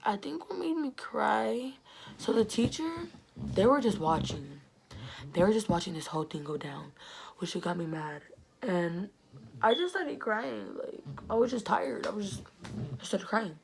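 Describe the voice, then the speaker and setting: Chatty teen girl with a creaky voice. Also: mid-range voice, unhurried. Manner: chatty and animated, slangy, drops to whispers. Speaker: vlogger. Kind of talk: storytime vlog.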